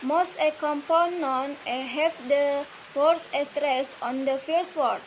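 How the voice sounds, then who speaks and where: A woman's voice: high voice, slow pace, a little hiss or hum, low-quality recording. A young woman whose first language is Indonesian, presenting a student lesson on word stress, hesitant, with many fillers and careful repeated words. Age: young adult.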